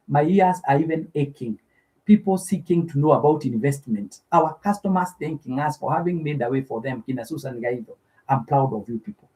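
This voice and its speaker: A man's voice: on the high side, a little mellow. A middle-aged Kenyan man hosting a live stream, effusively thanking viewers by name and giving preacher-like blessings.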